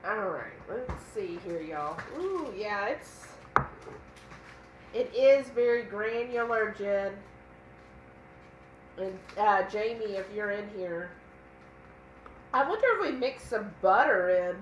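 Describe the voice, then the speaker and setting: Lively, slow-talking woman. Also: mid-range voice, roomy sound, slight background noise, low-quality recording. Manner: chatty, reads viewer comments aloud. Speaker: cooking channel co-host. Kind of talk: casual live-stream cooking chat.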